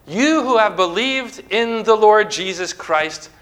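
A male preacher delivers a sermon in an emphatic, declamatory way. His voice is bright and forceful, sitting a little high for a man. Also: expressive, slow. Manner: emphatic, declamatory preaching, reading scripture aloud.

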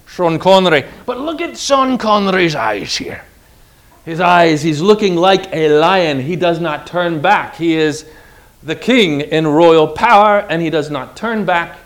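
A man preaching a sermon in an emphatic, animated way, retelling Bible stories. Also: a little high.

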